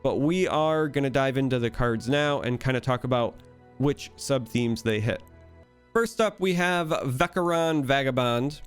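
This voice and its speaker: A man's voice: mid-range voice, animated, moderate pace, smooth, faint music behind. A man with a Midwestern American accent, talking enthusiastically and analytically in casual solo commentary about a card game. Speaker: card game content creator.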